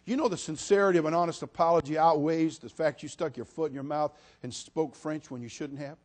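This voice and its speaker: Preacher, male, high-pitched, sermon delivery with humorous asides and loud appeals. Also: fairly even intonation, a little fast. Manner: swings from quiet asides to shouted appeals; humorous storytelling, repeats "listen to me".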